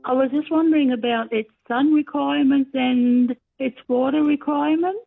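A woman's voice: high voice, moderate pace, vocal fry, faint music behind. A woman phoning a radio show with a hesitant gardening question. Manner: hesitant, stumbling start. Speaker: caller. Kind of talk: phone-in question. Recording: tinny phone line.

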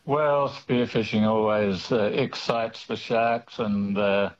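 A man calling in to a radio show, friendly and measured. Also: lowish voice. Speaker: caller. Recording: muffled phone line.

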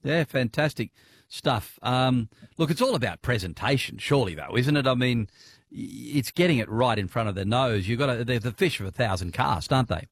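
A man, hosting a casual fishing chat in a friendly, halting way. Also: medium pitch, expressive, no room sound, clean studio sound. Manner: friendly, hesitant, many fillers and restarts. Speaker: host. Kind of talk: casual interview.

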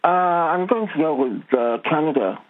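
A man answers a radio quiz over the phone, hesitant and stammering as he thinks aloud. His voice is a bit on the high side. The line sounds thin and tinny. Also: normal speed. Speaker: caller.

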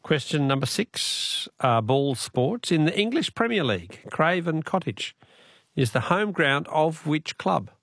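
A man's voice: a little high, sing-song, unhurried, fairly bright tone, dry recording, clean studio sound. A middle-aged Australian man hosting a call-in radio quiz, jokey and chatty, laughing often.

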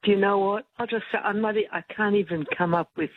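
A woman's voice: medium pitch, fast talker, narrow, tinny audio, a little hiss or hum. A woman calling in to a radio show on speakerphone, hesitant and flustered, laughing between her words. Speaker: caller. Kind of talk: phone-in chat. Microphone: speakerphone on a phone line.

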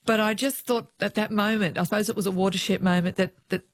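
A woman, a former police officer, telling lively stories about her work in an interview. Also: medium pitch, fast talker, no room sound. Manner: lively storyteller who acts out the voices of others.

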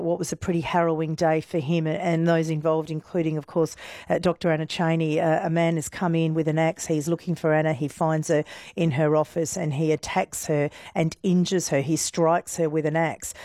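A woman hosting a morning radio interview, speaking gently and reassuringly as she recaps events for listeners. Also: low voice, no echo, studio quality. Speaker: radio host.

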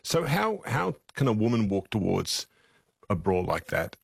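Low husky male interviewer, measured probing questions, dry studio sound. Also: big pitch swings, no echo.

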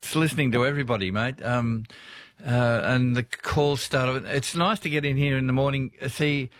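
A man's voice: mid-range voice, steady tone, normal speed, fairly bright tone, dry recording. An Australian man hosting talkback radio in a dry, close studio sound. He chats in a rambling, easygoing way and breaks into laughs between his asides. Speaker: radio host. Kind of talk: casual talkback radio chat.

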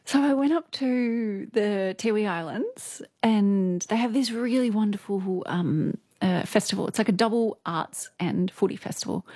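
A woman's voice: a little high, warm tone, dry recording, clean studio sound. Chatty Australian woman. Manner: chatty, fillers like "like" and "um", laughs often. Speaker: guest, news presenter. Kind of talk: casual interview chat.

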